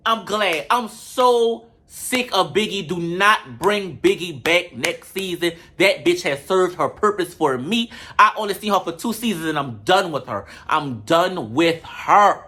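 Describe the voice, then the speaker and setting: Bright sassy vlogger roasting a reality show, cussing a lot, talking to y'all. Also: medium pitch. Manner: sassy, profane, talks straight to viewers. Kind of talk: comedic reality show recap.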